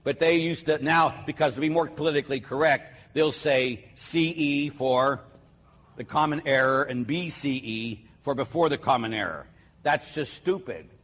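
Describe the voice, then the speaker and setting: A man preaching a sermon emphatically, swinging between loud declarations and quiet asides, with a husky voice. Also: mid-range voice, normal speed. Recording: long hall reverb.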